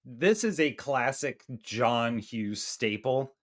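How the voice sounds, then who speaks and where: A man's voice: medium pitch, lively intonation, a bit bright. Chatty, profane male podcast co-host. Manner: profane, chatty, quick asides. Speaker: movie review podcast co-host. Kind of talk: casual chat.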